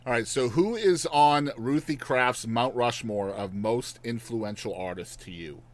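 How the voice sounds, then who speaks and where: A man's voice: medium pitch, a little slow. A man hosting a podcast, encouraging his guest and leading into segments with upbeat casual talk. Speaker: podcast host. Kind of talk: casual interview.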